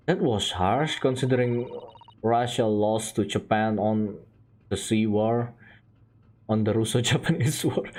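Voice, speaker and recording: A man casually commenting on a game he is streaming, reacting in an animated, giggly way. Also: lowish voice, unhurried.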